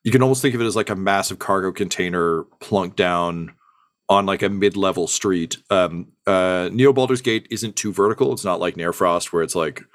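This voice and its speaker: A young man narrates a tabletop game in a fairly low voice. He rambles, hunting for words with many ums and uhs. The sound is dry and close. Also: moderate pace, no echo. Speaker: game master.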